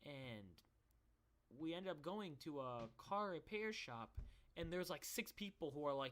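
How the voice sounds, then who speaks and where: A man's voice: on the high side, expressive, moderate pace, a bit bright. A young man telling a personal story in a casual, rambling way, swearing and restarting often. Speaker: vlogger.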